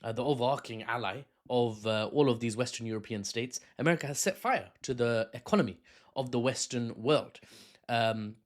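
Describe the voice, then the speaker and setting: A man's voice: medium pitch, moderate pace. Sarcastic rambling British news commentator man. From United Kingdom. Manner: sarcastic, rambling, many fillers and restarts.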